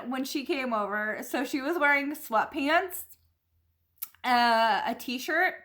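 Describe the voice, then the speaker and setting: A young woman with a fairly high voice recounts a hard stretch of her life as a casual storytime. She talks in a chatty, candid way, leaning on "like" and "um" as she goes. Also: bright, forceful tone. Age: young adult. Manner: chatty, candid, lots of fillers and "like". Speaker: vlogger.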